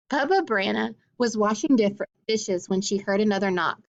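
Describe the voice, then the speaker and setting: A woman reading a children's picture book aloud and pausing to explain things simply for young listeners. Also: medium pitch, vocal fry, lo-fi sound. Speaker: storyteller.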